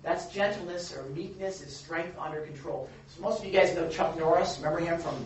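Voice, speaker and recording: A man's voice: on the high side, fairly even intonation, a little fast. A man preaching a sermon as pastor, talking animatedly and acting out the voices he quotes. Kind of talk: sermon with congregation. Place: church or meeting room. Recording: echoey room, distant mic, faint ambience.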